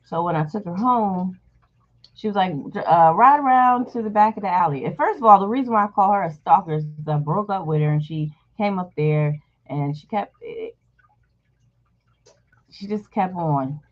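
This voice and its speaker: On a dull lo-fi recording, a woman who hosts a channel tells her viewers a personal story, casually and bluntly, with plenty of swearing and candor. Her voice sits on the low side at a normal speed.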